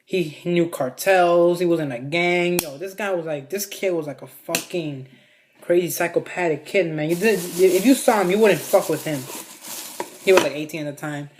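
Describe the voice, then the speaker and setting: A man's voice: fairly high pitch, moderate pace, noisy background. Rambling, foul-mouthed young man. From Mexico. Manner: rambling, heavy swearing, many fillers. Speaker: vlogger. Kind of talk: casual storytime.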